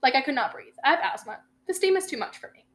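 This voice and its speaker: A woman's voice: sits high, expressive, quick pace. A young woman co-hosting a podcast, telling stories in casual, profane chat and acting out quoted lines. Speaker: podcast co-host.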